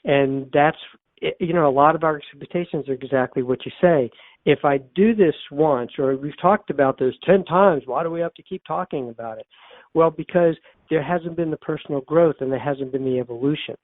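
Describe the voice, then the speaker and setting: Heard through a dry, tinny phone-line recording, an older man, an author and therapist, shares a personal story in an interview. He is earnest and repeats phrases for emphasis, speaking at a moderate pace in a slightly high voice.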